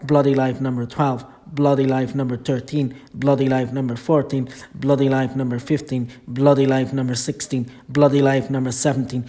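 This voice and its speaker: A man recites a long alphabetical list of titles, one item at a time. His delivery is steady and list-like, with almost no rise or fall in pitch. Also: normal speed, few pauses. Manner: flat, steady list reading.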